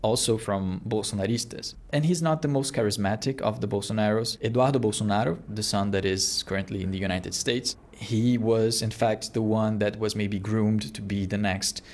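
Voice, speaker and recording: Low-voiced male pollster. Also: normal speed, few pauses. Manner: analytical, explanatory. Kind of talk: interview answers.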